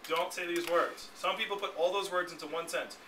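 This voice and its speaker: A man leads a sales training class, rattling along at a fast clip in a slightly high voice and constantly checking that the room is with him. He was picked up by a camera well across an echoey room. A clear layer of background noise runs under him. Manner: brisk, keeps checking in with the room. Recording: echoey, distant, noisy room recording.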